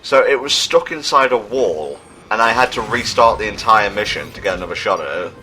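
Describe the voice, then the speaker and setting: Dry, pedantic man, bright voice. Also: lowish voice, animated, brisk. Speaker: let's play co-host. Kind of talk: casual gameplay commentary. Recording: faint game music behind.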